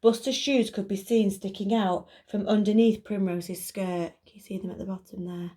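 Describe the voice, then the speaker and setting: A woman, a primary school teacher reading a children's book aloud clearly and expressively. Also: medium pitch, steady tone, moderate pace, mellow.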